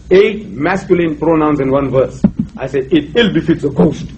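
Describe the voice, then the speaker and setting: A man's voice: a little high, normal speed, a little mellow, slight background noise. An older man from Africa, giving an emphatic, rhetorical public lecture in a university hall, quoting scripture. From South Africa. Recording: dull lo-fi lecture recording.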